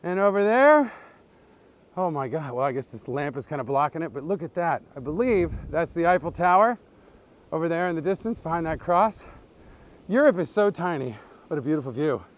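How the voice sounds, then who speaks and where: Deadpan joking man, higher voice. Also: a little fast. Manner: deadpan joking with absurd fake facts; chatty, greets live viewers. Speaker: comedy tour guide. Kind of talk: live-streamed walking tour chat. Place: outdoors on a bridge at night.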